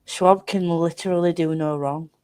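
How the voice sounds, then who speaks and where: A woman's voice: fairly low pitch, fairly even intonation, moderate pace, a little mellow, clean tone, no room sound. A young woman chatting with friends on a video call, rambling and restarting, swearing when she rants. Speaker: guest on a book stream. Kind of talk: casual chat with friends.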